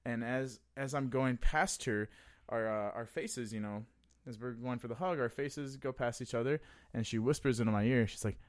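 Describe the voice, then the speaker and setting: A man recounting a raunchy night out as a podcast guest, crude and quick to laugh at his own tale. His voice sits at an ordinary pitch, and the room sound is dry with little reverb. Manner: crude, laughing, animated storyteller. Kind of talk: casual storytelling.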